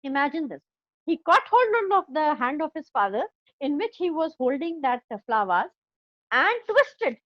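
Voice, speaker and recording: This woman, with an Indian English accent, walks her English class through a story line by line and checks comprehension often. Her high voice is very animated and moderately paced, on a dry, lo-fi recording.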